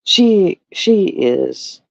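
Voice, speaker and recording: Chatty woman with a gravelly voice. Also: mid-range voice, big pitch swings, very slow, darkish tone, dry recording, highs cut off. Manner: rambling, repeats words. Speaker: live streamer. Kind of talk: casual chat. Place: home with pets.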